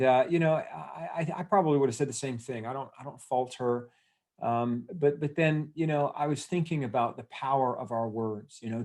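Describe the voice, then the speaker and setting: A man in the middle of a motivational speech over a video call, rallying his listeners and throwing questions at them. His voice sits at an ordinary pitch. He talks with plenty of fillers and restarts. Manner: energetic, rallying, asks the audience questions, many fillers. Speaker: event host. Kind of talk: motivational talk to an online audience.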